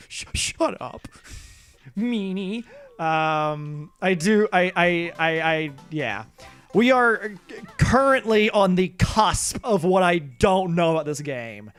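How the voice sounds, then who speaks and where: This man's slightly high voice is expressive, a bit bright, and clear and resonant, and he takes his time speaking. Streaming a video game live, he rambles casually to viewers, puts himself down, and swears now and then. Game music is faintly audible.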